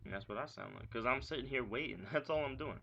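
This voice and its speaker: A young man rants into his camera about a breakup, agitated and profane, circling back with "like" and pointed questions. His voice is bright and forward, captured as dull, lo-fi webcam audio with a faint hiss underneath. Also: mid-range voice, quick pace, vocal fry. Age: young adult. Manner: agitated, profane ranting with frequent "like". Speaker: vlogger venting about an ex. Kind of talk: ranting vlog monologue.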